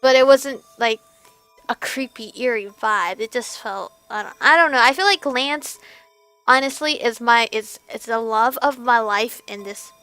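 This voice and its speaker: A woman hosting a let's play, reading a visual novel aloud and reacting in an animated, exclaiming way. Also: a little high, measured pace, clean tone, no room sound, faint music behind.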